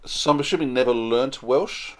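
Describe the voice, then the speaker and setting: Man, interview host, mid-pitched voice, friendly quick questions, light quips. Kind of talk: casual interview chat.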